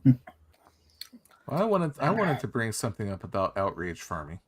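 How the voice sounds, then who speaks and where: A man's voice: on the low side, huge pitch swings, unhurried. A man hosting a casual panel chat on a stream, steering the talk to new topics.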